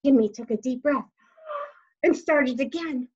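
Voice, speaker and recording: A woman reading a picture book aloud to children, pausing to ask them questions and gently encouraging their answers. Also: high-pitched, slightly rough. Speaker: storybook reader to children. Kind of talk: interactive read-aloud storytime. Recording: slightly dull lo-fi recording.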